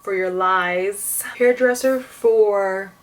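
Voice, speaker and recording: A woman's voice: medium pitch, very slow, recorded from a distance. Young woman, casual vlog rant, exasperated, profane, filler-heavy. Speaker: vlogger.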